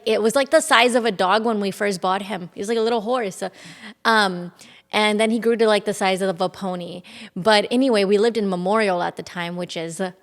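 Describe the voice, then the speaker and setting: A young adult woman, a podcast guest telling a story casually and animatedly, full of fillers and quoted dialogue. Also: medium pitch. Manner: animated, quotes people often, frequent fillers. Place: home in Texas. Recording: reverberant room.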